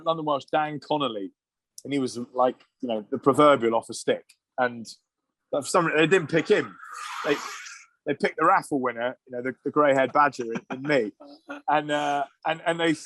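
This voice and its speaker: A man's voice: medium pitch, a bit bright, no room sound. A man in his thirties, a former rugby player, telling self-deprecating stories as a podcast guest over a video call, with frequent laughs. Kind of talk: casual anecdote on a podcast.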